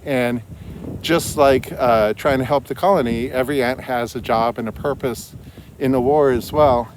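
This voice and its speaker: A man's voice: medium pitch, fairly even intonation, normal speed, slight background noise. Man casually summarizing a book. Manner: conversational, loose, with frequent fillers and restarts. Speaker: book reviewer.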